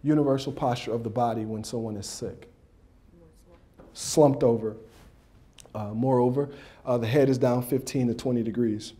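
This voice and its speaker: A man giving a motivational speech at a dinner. He tells animated stories, throws questions at the audience and adds sound effects. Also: mid-range voice, normal speed, long pauses. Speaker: motivational speaker and coach. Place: dinner banquet.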